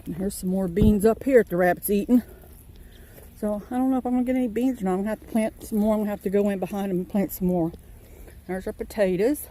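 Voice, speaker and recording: Woman from Virginia, farm vlogger, warm mellow tone, chatty and rambling, outdoor phone recording. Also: medium pitch, fast. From Virginia, USA. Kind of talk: casual garden tour. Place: outdoor vegetable garden.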